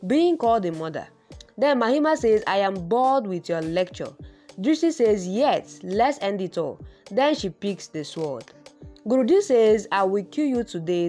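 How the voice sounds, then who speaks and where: Woman recapping a drama, lively pitch. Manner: chains events with "then she says", quoting each character flatly. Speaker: narrator retelling a TV serial's episode. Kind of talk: casual plot recap read aloud.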